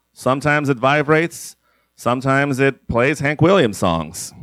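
A man voicing a lonely older man who rambles and stammers in halting bursts. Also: medium pitch, fairly bright tone, no echo. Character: lonely old man with a cursed libido.

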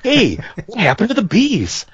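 A man doing a mocking impression of a blunt tough-guy film actor, pushing his voice up high and drawing the lines out slowly. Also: wildly swooping pitch, breathy edge, dry recording, lo-fi sound, full character voice.

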